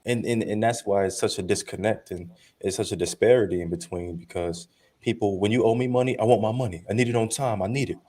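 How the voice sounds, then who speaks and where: A man as a guest on an interview show, talking earnestly and at a measured pace, now and then acting out what other people say. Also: on the low side, mellow. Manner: earnest, measured, acts out quoted voices. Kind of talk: conversational podcast interview.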